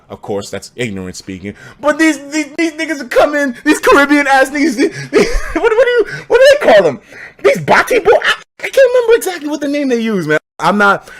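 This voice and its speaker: A young man from the United States telling a story on a live stream in a casual, profane, animated way, laughing as he goes. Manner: animated, profane, laughs between lines, breaks into loud high shouts.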